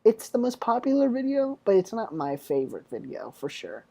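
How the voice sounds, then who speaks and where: A man's voice: high-pitched, huge pitch swings, normal speed, warm tone, no echo. A young man hosting a casual podcast chat, joking and teasing his guests and laughing often. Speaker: podcast host.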